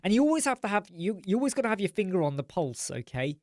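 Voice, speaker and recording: A man's voice: high-pitched, very animated, fast talker, a little mellow, dry recording, clean studio sound. A man hosting a casual live chat, tired and yawning, rambling as he answers viewer comments.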